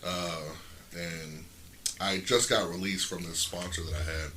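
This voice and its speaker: A man's voice: deep voice, fairly even intonation, a little slow, sharp tone. A man telling long, profane stories as a podcast guest, rambling and often laughing. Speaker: podcast guest, pro wrestler. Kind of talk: casual storytelling chat. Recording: noisy background.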